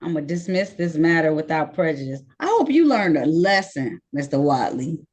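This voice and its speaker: A woman judge presiding over virtual court proceedings on a video call, brisk and friendly, reading case numbers slowly and deliberately. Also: low-pitched, animated, a little mellow.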